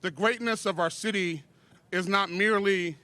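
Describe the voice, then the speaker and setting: A man in his forties speaks at an outdoor plaza rally, leading the crowd in call-and-response and scattering ums through his lines. His voice sits high and sounds bright, and the sound is dry with no room around it. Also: normal speed, dry recording. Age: 40s. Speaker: event speaker, business owner. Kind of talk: public speech at an outdoor rally. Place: outdoor city plaza event.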